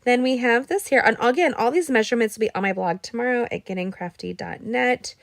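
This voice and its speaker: A woman hosting a live card-making tutorial, chatting warmly with her viewers and reading their comments as she works. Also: on the high side, fairly quick, vocal fry, no echo, clean studio sound. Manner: bubbly, talks to viewers directly, reads out chat; gets emotional when talking about a late friend. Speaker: card-making instructor and live-stream host.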